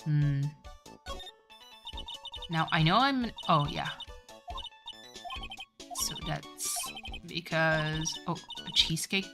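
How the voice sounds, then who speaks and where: A woman streamer playing a game, reading its dialogue aloud with lively asides and self-corrections. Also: deep voice, very slow, long pauses, over music.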